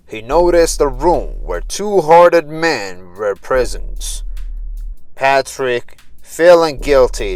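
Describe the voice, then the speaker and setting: A man reading a horror tale at an unhurried, deliberate pace. His voice sits close and dry with no room sound, and soft music plays underneath. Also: medium pitch, no echo, poor audio. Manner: slow, deliberate storytelling. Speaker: narrator. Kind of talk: scripted horror story narration.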